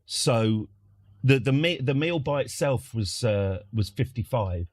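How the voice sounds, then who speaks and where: A man's voice: medium pitch, expressive, measured pace, no room sound. Rambling British man telling a story. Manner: rambling, wry, full of fillers and restarts. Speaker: streamer. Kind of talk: casual anecdote.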